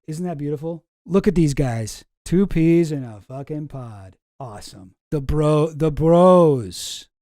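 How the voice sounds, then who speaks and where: A man's voice: fairly high pitch, measured pace, hardly any pauses, dark tone, no echo, clean studio sound. A man hosting a commentary channel, talking in a casual, rambling, sarcastic way and swearing often.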